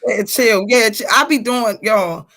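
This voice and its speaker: A woman in her forties hosting a casual live-streamed chat, telling stories in an animated, chatty way. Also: fairly high pitch, unhurried. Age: 40s.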